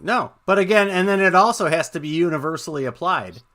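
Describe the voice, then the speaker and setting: Male talk-show co-host, supportive, earnest, bright edge to the voice. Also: high-pitched, expressive, brisk. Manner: earnest, supportive, restates points, many fillers. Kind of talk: casual talk-show chat.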